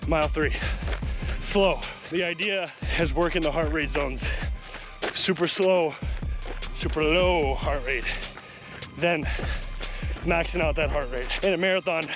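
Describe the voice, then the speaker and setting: A man's voice: on the high side, a little slow, pauses often, over music. A man vlogging outdoors while running, upbeat and motivational, and out of breath. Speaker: fitness vlogger. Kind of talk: casual vlog while running. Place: outdoors on a hilly road.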